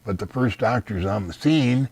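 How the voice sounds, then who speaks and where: A man's voice: lowish voice, lively intonation, normal speed, darkish tone, breathy edge. A man being interviewed in casual conversation, blunt and dismissive, giving long rambling explanations. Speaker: interview guest.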